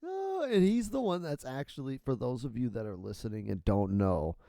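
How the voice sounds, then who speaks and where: A man with a gravelly, dark voice talks slowly and swings widely in pitch. He cuts in with crude jokes and cackles, and his voice sounds close and dry. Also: sing-song, no echo. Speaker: podcast co-host. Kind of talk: casual chat.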